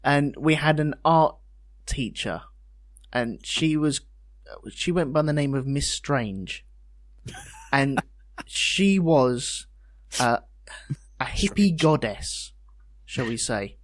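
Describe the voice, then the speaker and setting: A man's voice: medium pitch, animated, slow, pauses often, dry recording, clean studio sound. A man guesting on a podcast, telling rambling, cheeky school anecdotes in casual chat.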